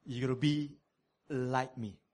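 A man preaching a sermon, conversational and animated, with many fillers. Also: mid-range voice, a little slow.

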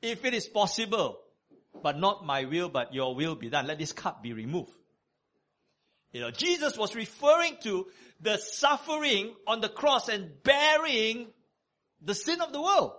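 A man preaching a sermon, conversational and animated, with many fillers. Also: sits high, measured pace.

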